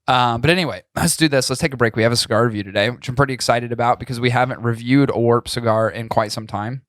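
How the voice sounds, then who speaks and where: A man's voice: mid-range voice, fast, a bit bright, no room sound, clean studio sound. A man co-hosting a cigar podcast in loose, profane, jokey chat, coughing now and then. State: coughing, tickle in throat. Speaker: podcast co-host. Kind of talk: casual chat.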